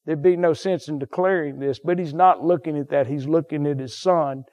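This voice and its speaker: Fervent preacher, high voice. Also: male voice, steady tone, moderate pace. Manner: fervent preaching with sudden high shouts and soft drops. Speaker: pastor. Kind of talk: sermon.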